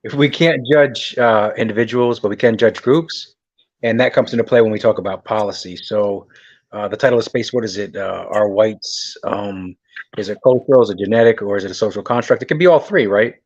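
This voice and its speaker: Man, mid pitch, measured, thinking aloud, dry, muffled lo-fi sound. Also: no echo. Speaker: debate participant. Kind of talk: online debate summary.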